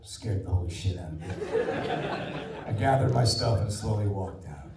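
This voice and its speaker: Over a noisy crowd, a low, creaky voice at a moderate pace belongs to an actor in his sixties introducing a screening. He tells animated stories in the cinema auditorium, hushing for quoted lines, and the distant mic gives a roomy theater sound.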